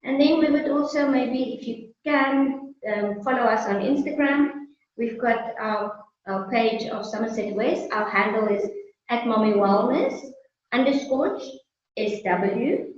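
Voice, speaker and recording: A woman's voice: on the high side, a little slow. A South African woman talking as a guest business owner in a friendly, casual interview, laughing often. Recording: echoey, distant, muffled sound.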